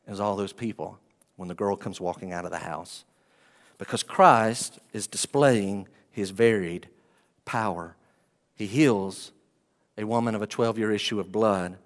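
A man preaching a sermon as pastor, animated, swinging between loud outbursts and quiet asides. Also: fairly low pitch.

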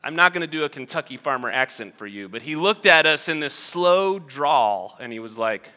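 Guy pastor preaching, bright clear voice, chatty storytelling, big echoey hall. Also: fairly high pitch, expressive, normal speed. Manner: storytelling, conversational with restarts and asides. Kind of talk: sermon.

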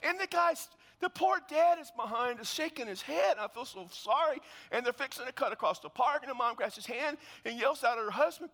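A man delivers a sermon in a high, bright voice, telling the story with lively, acted-out dialogue. He drops to a hush for the solemn points. His voice rings out with long reverb through a church sanctuary. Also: fairly quick, few pauses. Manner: animated storytelling, acting out biblical scenes. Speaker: pastor.

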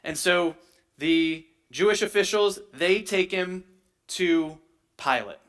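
Bright-voiced man preaching a sermon. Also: sits high, slow pace. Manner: conversational teaching with frequent "right?" check-ins. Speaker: pastor.

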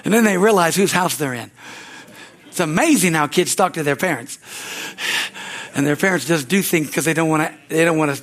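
A man's voice: fairly high pitch, brisk, fairly bright tone. An older man preaching a sermon as pastor, in a folksy, conversational way with frequent chuckles, speaking in a church. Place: church sanctuary.

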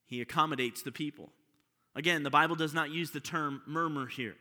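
A man's voice: fairly high pitch, brisk, sharp tone. A pastor preaching a sermon to his congregation, often asking them rhetorical questions. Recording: long hall reverb.

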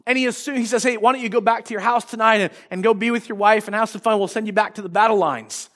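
A man's voice: high voice, steady tone, quick pace, fairly bright tone. A male pastor preaching a sermon, retelling a story and acting out the quoted lines, often restarting his phrases.

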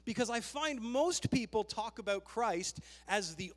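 A man's voice: high voice, expressive, a little slow, hardly any pauses, in a large hall. A male pastor preaching a sermon with emphatic, rallying delivery, calling out "Amen?" to the congregation, slightly out of breath.

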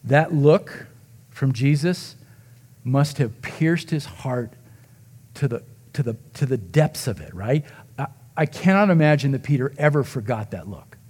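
A man preaching a sermon as pastor, retelling the story dramatically, acting out the quoted voices and dropping to a near hush at emotional moments. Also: medium pitch.

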